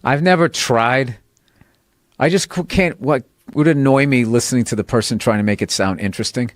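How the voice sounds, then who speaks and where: A man's voice: mid-range voice, normal speed, dry recording. A man chatting casually on a podcast, telling swear-filled stories and laughing often. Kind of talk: casual chat.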